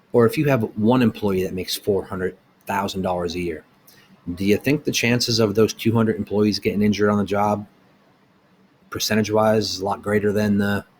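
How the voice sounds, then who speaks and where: A man's voice: fairly low pitch, a little hiss or hum. A middle-aged man who owns a small business, delivering a blunt, heated opinion rant with rhetorical questions.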